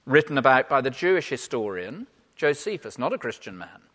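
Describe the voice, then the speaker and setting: A man preaching a sermon in an animated, emphatic way, swinging between loud and hushed. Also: medium pitch, fairly quick. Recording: long hall reverb.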